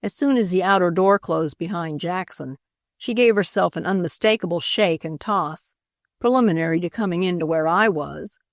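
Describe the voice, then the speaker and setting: A woman narrating an audiobook in the first person, expressive and wry, on a close studio mic. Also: on the low side, normal speed, dry recording.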